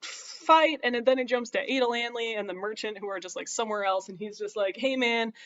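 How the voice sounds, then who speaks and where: A man with a notably high voice rattles off a story summary in a dry, irreverent tone. He talks loosely, with plenty of ums and likes. The audio is somewhat dull and lo-fi. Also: fairly quick, fairly bright tone, slight background noise. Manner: wry, irreverent, chatty with fillers. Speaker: comedic recapper. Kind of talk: casual sarcastic plot recap.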